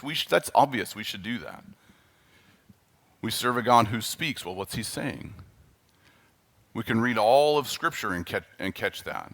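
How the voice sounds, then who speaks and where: Preaching in a mid-range voice, this Canadian-accented pastor is emphatic and animated, occasionally shifting down to quiet, earnest asides.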